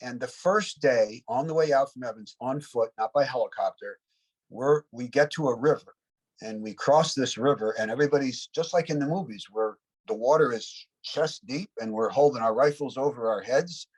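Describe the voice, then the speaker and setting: A man in his seventies with a husky, slightly worn voice sits for an interview about his time as a Vietnam veteran. He tells long, meandering anecdotes, often stopping for "you know" and small restarts. His pitch sits in an ordinary middle range. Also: normal speed, darkish tone, low-quality recording. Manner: rambling anecdotal storyteller, frequent "you know" asides. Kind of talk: reflective war storytelling.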